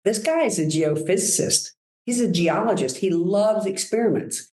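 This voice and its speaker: A woman guest telling enthusiastic, animated stories about her work in a relaxed conversation. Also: mid-range voice, normal speed, echoey room, low-quality recording. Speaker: guest, brand executive. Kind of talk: conversational storytelling.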